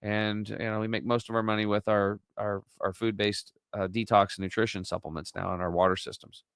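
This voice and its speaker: Animated man telling his story. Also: on the low side, a little fast, smooth, no room sound. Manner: animated, acts out quoted dialogue. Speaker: podcast guest. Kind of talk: conversational storytelling.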